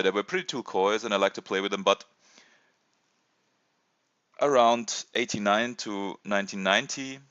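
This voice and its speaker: A man in his thirties from Germany with a German accent, hesitantly presenting a casual toy review with many pauses and fillers. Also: fairly low pitch, a bit bright, no room sound, muffled recording. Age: 30s. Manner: hesitant, many ums and uhs.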